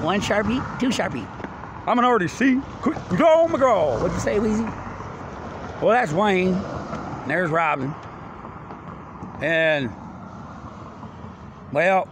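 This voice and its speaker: A man's voice: fairly high pitch, creaky, a little hiss or hum. A man talking outdoors in a rambling, profane, jumpy stream of slang and free association. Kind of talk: rambling, profane, disjointed monologue.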